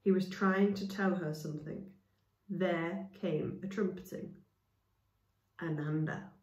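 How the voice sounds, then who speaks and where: A woman's voice: on the low side, fairly even intonation, slow pace, darkish tone. A woman reading a storybook aloud as a storyteller, with casual asides to her listeners. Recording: echoey room, voice from far off.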